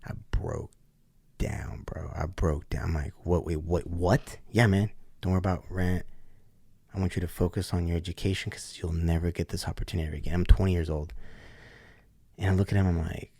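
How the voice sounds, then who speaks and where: The podcast guest keeps up his animated, slang-filled storytelling, imitating each character's voice. His low voice is warm and slightly rough, with fairly even intonation and a fairly quick pace, and there's no echo.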